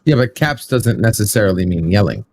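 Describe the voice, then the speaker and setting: A man in a casual debate, arguing his view with quick apologetic asides. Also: fairly low pitch, animated, a little mellow.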